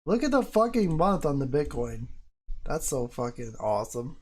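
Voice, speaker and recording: Man, live-stream host, casual chat with viewers, excitable and foul-mouthed. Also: on the high side, normal speed. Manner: profane, excitable, talks to chat. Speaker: livestream host. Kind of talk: casual live-stream commentary on crypto charts.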